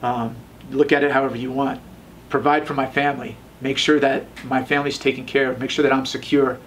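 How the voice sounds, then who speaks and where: A man in his thirties telling his own story in a relaxed interview, rambling with many fillers and acting out the voices of the people he quotes. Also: mid-range voice, a little fast, distant mic, slight background noise, rough recording. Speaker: tattoo shop owner telling his story.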